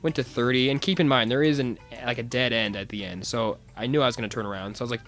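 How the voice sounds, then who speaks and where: A man's voice: medium pitch, expressive, racing, few pauses, fairly bright tone, faint music behind. A young man telling a rambling, self-mocking personal story in a casual way, often breaking into laughter. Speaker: vlogger.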